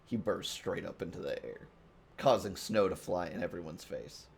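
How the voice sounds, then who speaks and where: A man's voice: deep voice, expressive, normal speed, gravelly, slight background noise. A man narrating a tabletop game as game master.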